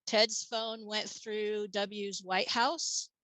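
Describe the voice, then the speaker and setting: Female interview guest, matter-of-fact storyteller, medium pitch, dry recording. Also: steady tone, extremely slow, fairly bright tone, dry recording, low-quality recording. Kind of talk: casual interview talk.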